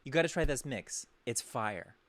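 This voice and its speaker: A man's voice: mid-range voice, animated, moderate pace, a bit bright, no echo, natural voice. A man putting on the voice of a pushy, hyped-up young male party guy who is brash, insistent and over-friendly.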